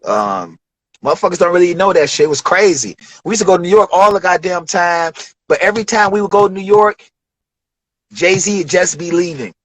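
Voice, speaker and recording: A man in his forties from Detroit, a rapper telling studio stories in a loose, profane, animated way during an interview. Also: sits high, a little fast, no room sound, rough recording. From Detroit, USA. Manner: profane, animated storytelling with acted quotes. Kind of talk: casual storytelling interview.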